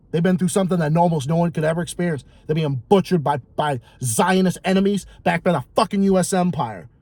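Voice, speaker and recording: A man's voice: a little high, a little mellow, no room sound. A man vlogging a heated monologue, ranting profanely and repeating himself for emphasis.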